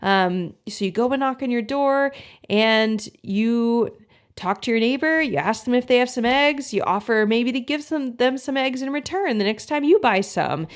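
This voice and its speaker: A woman's voice: fairly high pitch, lively intonation, moderate pace. A woman health coach giving a motivational talk to viewers, encouraging and using everyday examples. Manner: encouraging, uses homely examples and acts out inner thoughts.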